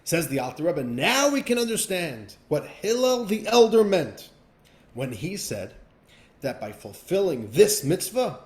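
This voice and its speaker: A male rabbi teaching an expressive class. His speech is emphatic and his voice rises and falls widely. The recording has a roomy echo. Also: a little high, a little slow. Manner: expressive, emphatic, pacing changes often. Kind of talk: animated lesson with storytelling.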